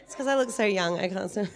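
A woman in her thirties giving a casual, rambling testimony in church, with many fillers. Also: mid-range voice.

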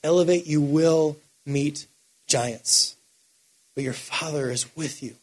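Man, preacher, sermon, high voice, husky, rises to impassioned shouts and sinks to near-quiet. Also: slow pace. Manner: builds to impassioned shouting, then drops quiet.

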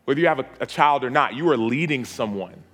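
A man's voice: mid-range voice, animated, quick pace, a bit bright, soft background music. Pleading preacher man, repeating himself. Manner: repetitive, pleading cadence. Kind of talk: altar call sermon. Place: church auditorium.

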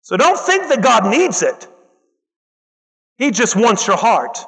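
High-voiced animated male preacher. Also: slow pace, husky. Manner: animated, acts out quoted voices, loud bursts. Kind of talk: sermon. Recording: long hall reverb.

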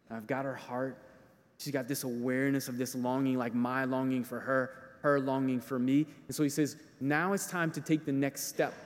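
A man preaching a sermon in a lively, animated way, acting out the voices of the people he quotes. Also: medium pitch, big-room sound.

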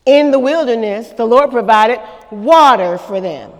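A woman's voice: fairly high pitch, lively intonation, measured pace, in a large hall. A woman pastor preaching a sermon at a church service, with dramatic call-and-response to the congregation.

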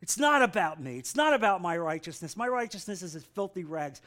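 A man's voice: sits high, expressive, normal speed, few pauses, fairly bright tone. A man teaching a Bible class in an earnest sermon style, repeating phrases and calling for amens.

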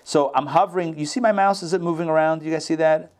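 A man with a fairly high, steady-toned voice talks fast as he teaches a casual Torah class by video call. He corrects himself along the way and checks in with his listeners in this conversational online Bible lesson.

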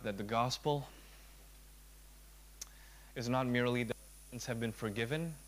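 A man preaching a sermon with earnest emphasis. He drops to a soft, slow, near-whispered delivery and rises again for emphasis. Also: medium pitch. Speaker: pastor.

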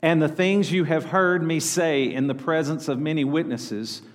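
A man's voice: a little high, fairly even intonation, normal speed. Preaching man in a reverberant church. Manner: preaching, calls out to congregation for responses. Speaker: pastor. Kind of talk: sermon. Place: church sanctuary. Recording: long hall reverb.

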